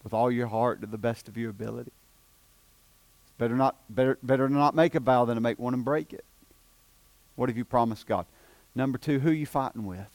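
Emphatic East Tennessee preacher, dry sound. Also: male voice, medium pitch, brisk, no room sound. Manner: emphatic, swinging from hushed to loud declarations. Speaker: pastor. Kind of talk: sermon. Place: church sanctuary.

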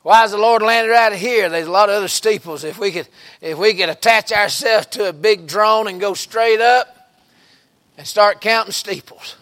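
A man with a Southern US accent preaching a fervent revival sermon in a church, breaking into sudden shouts and exclamations. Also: sits high, normal speed. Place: church sanctuary.

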